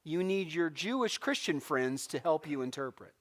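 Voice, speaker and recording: Man, middle-aged, from California, Bible class teacher, slightly high voice, animated storyteller, casual lesson. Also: moderate pace. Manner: animated storytelling with acted-out quotes and laughs.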